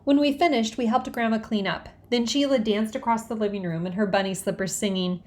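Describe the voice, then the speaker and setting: A woman reading a children's book aloud in a lively, expressive way. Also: on the high side, a little fast, hardly any pauses. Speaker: audiobook reader.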